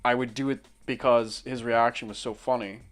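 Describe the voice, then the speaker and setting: Casting: young man, mid-pitched, loose rambling storyteller with crude humor, faint music underneath. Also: steady tone, moderate pace. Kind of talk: casual chat while drawing.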